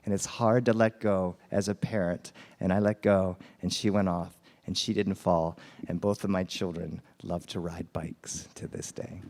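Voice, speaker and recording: A man telling a personal story live to families, animated and acting out voices, dropping in Spanish phrases. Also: low voice, moderate pace, few pauses, in a large hall. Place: festival tent, live audience.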